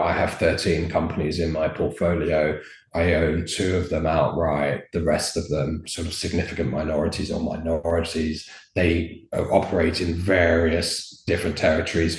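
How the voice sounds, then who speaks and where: A middle-aged man with a posh English accent, telling candid stories as an interview guest in a frank, emphatic way. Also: low voice. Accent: posh English, learned over a Cockney childhood. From England. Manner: frank, emphatic, with repeated restarts. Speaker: entrepreneur guest. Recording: roomy echo.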